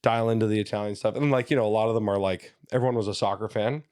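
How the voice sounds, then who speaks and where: Guy in his 30s, comedian guest, low-ish voice, super animated storyteller, dry close sound. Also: racing, smooth, no room sound. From Canada, Ontario. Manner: animated storyteller who slips into voices, says "you know what I mean" often. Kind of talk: casual podcast chat.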